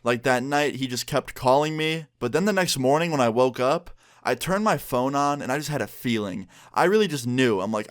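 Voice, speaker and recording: Smooth-voiced young man telling a story. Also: mid-range voice, normal speed, hardly any pauses, no echo, clean studio sound. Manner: chatty, animated retelling with many fillers. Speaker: vlogger. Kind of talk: casual story time.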